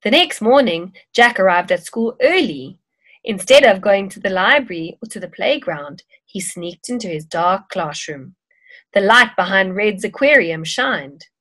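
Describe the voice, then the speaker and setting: A woman reads a children's picture story aloud, slow and deliberate, her pitch rising and falling expressively. Her delivery is clear and storybook-like. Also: animated, a bit bright. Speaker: story reader.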